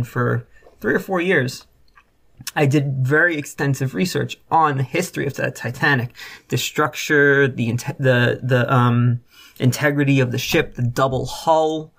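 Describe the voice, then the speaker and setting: A young man co-hosts a casual podcast, rambling along with lots of fillers and casual swearing. His voice is medium-pitched and fairly bright.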